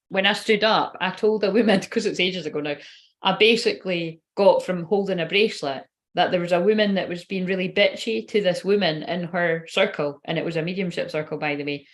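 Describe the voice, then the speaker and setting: Woman, tarot reader, chatty live stream, rambling, swears casually. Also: lowish voice.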